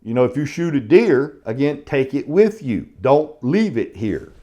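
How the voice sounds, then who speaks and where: A man's voice: mid-range voice, big pitch swings, unhurried, warm tone, lo-fi sound. Folksy man teaching real estate. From South Carolina. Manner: folksy, keeps saying "y'all". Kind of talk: casual classroom lecture.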